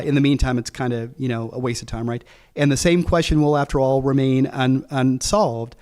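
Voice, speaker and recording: A man teaching a Bible class, reading quoted passages slowly and explaining them in a casual way, thinking aloud with many fillers and restarts. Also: mid-range voice, darkish tone. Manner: slows down to read quoted passages.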